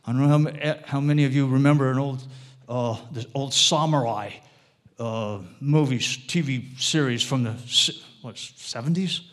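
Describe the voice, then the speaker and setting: A man's voice: mid-range voice, normal speed. A man giving an informal, rambling lecture to a live audience, often checking in with tag questions and wandering off into side topics. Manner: rambling, digressive delivery with restarts.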